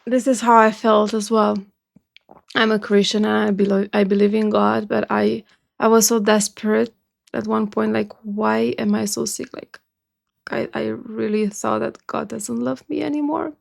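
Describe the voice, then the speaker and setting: A Romanian woman hosts a music reaction video, speaking earnestly and emotionally and repeating phrases for emphasis in casual commentary. Her voice is on the high side and creaky, with a level tone and moderate pace.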